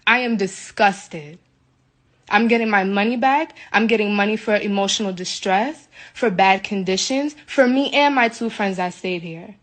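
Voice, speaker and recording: An indignant woman from the United States rants into her phone in an emotional livestream from a hotel room. Agitated and repetitive, she speaks at medium pitch and a moderate pace.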